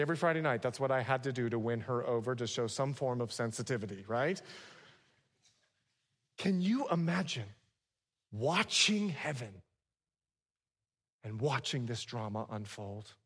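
A man preaching a sermon to a congregation, swinging from hushed lines to loud ones and slipping in humorous asides. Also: medium pitch, husky, in a large hall. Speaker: pastor.

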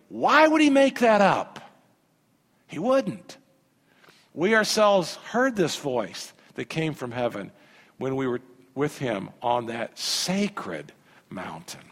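A male pastor preaching a sermon, animated, swinging from hushed lines to loud ones. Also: fairly high pitch. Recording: long hall reverb.

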